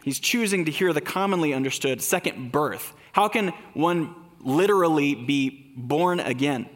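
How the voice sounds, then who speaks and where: A man's voice: a little high, measured pace, long reverb tail. A man preaching a sermon in a conversational way, asking rhetorical questions. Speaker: pastor.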